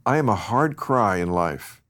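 A man's voice: lowish voice, animated, measured pace, fairly bright tone. A man hosting a casual chat, wry, blunt and profane, often chuckling mid-sentence. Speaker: host.

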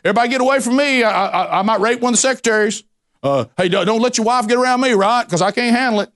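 A sneering, arrogant grown man who mocks any correction , as a preacher puts him on. His voice jumps high above a normal speaking register and rushes out loud and fast, dripping with exaggerated sarcasm. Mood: sarcastic.

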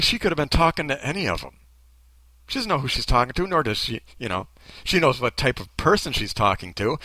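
Male commentator, mocking and emphatic, bright edge to the voice. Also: a little high, dry recording. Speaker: commentator reacting to a video. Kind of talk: critical commentary.

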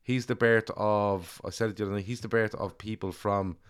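A man's voice: on the low side, steady tone, fairly quick, clear, resonant tone. A man co-hosting a casual football podcast, chatting loosely, swearing and reading out listener comments. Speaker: podcast co-host. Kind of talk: casual chat.

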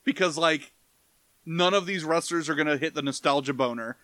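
A man's voice: a little high, moderate pace, sharp tone, dry recording. A man in casual podcast chat reviewing a movie, rambling and profane, breaking into goofy impressions. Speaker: podcast co-host.

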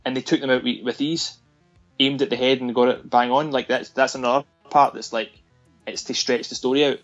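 A man's voice: mid-range voice, little pitch movement, fairly quick, lo-fi sound, soft background music. A man talking casually about a film, animatedly retelling scenes and acting out the lines.

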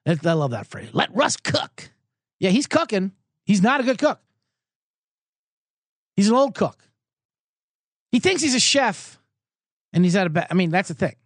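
A man rambles through a sports betting show, sarcastic and swearing freely. His pitch swings up and down all over the place. The sound is dry and close, with no room around it. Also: big pitch swings, moderate pace, pauses often, dry recording. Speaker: sports betting podcast host. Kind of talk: profane comedic sports chat.

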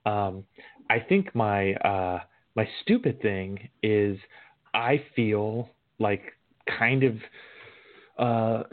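A man's voice: on the low side, animated, extremely slow. A man co-hosting a sports podcast, talking in a rambling way with lots of fillers. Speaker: podcast co-host. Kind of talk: casual chat. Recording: phone-like line.

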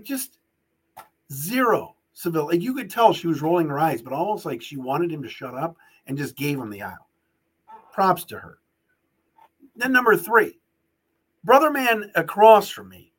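Animated husky-voiced man ranting. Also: high-pitched. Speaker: podcast host. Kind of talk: casual podcast monologue and ad read.

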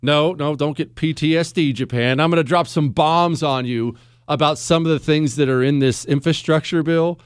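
A man's voice: a little high, moderate pace, smooth, no room sound, clean studio sound. A man hosting a talk radio show, joking with sarcastic asides as he talks to listeners and callers. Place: radio studio. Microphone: studio microphone.

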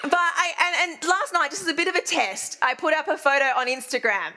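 Chatty, high-voiced Australian woman preaching. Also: fairly quick, bright, forceful tone. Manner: chatty, self-deprecating storyteller. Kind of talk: sermon with personal stories.

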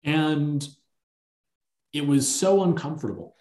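A man hosting a podcast, chatting casually about films and telling long, animated anecdotes. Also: on the high side, slow. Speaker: podcast host. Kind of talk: casual film-discussion chat. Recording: echoey room.

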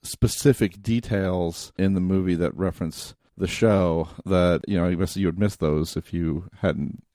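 A man's voice: low voice, steady tone, a little slow, dark tone, dry recording, studio quality. A man co-hosting a film podcast, talking casually with frequent restarts and laughs. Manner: hesitant, many restarts and laughs. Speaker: podcast co-host.

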